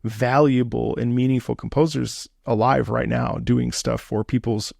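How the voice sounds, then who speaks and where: Male host, gravelly mid-range voice, lively and chatty, dry close sound. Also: mid-range voice, moderate pace, no room sound. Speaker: interview host. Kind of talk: conversational interview.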